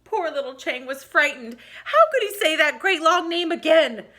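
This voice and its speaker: A woman teacher reading a storybook aloud to young children, adding asides. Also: high voice. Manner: animated, expressive, pauses to comment.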